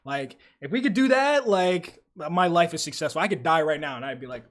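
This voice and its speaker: Profane animated young male streamer. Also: on the high side, brisk. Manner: profane, animated storytelling, reads chat aloud. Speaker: livestream host. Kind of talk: casual live stream chat.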